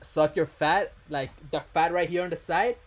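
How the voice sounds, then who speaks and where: A man's voice: on the high side, moderate pace. A young man hosting a playful video chat with strangers, teasing and hyping them up and calling everyone bro. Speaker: host. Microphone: webcam video chat.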